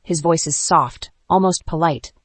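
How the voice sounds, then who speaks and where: A woman narrating a first-person dark romance audiobook in a measured, tense way. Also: low voice, no echo.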